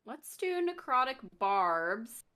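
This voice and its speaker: A woman's voice: on the high side, big pitch swings, slow pace, sharp tone, clean tone. A woman playing in a tabletop game, feisty and swearing playfully. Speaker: player. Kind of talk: casual tabletop play.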